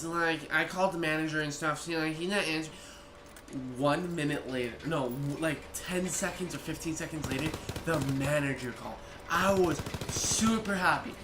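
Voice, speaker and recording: A young man telling a rambling storytime vlog and acting out people's lines in quick bursts. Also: a little high. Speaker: vlogger. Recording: echoey room, noisy ambience.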